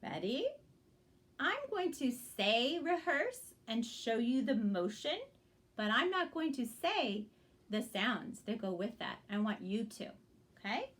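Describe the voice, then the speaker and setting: Slow, patient woman teaching young readers. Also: fairly high pitch, very animated, fairly bright tone. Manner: slow, patient, encouraging, checks in with "okay?". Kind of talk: early reading lesson for young children.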